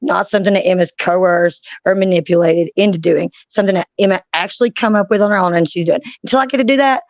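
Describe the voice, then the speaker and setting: A woman's voice: on the low side, quick pace, hardly any pauses, no room sound. A woman, chatting casually with friends as a streamer, blunt and profane as she tells stories. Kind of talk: casual chat. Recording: dry, dull lo-fi sound.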